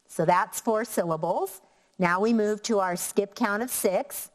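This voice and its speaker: A woman teacher giving a slow, clear lesson to young children, counting out syllables. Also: mid-range voice, expressive, in a large hall. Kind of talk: elementary classroom lesson.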